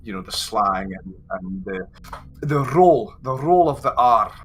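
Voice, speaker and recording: A man with a Scottish accent, a guest on a livestream chat, telling animated stories and acting out the voices of people he quotes. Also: lowish voice, measured pace, a little hiss or hum. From Scotland.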